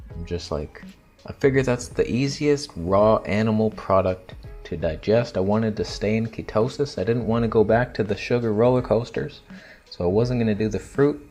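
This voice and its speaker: A young man casually telling a story to camera, crude and joking, dropping into quiet theatrical asides. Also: fairly low pitch. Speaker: vlogger.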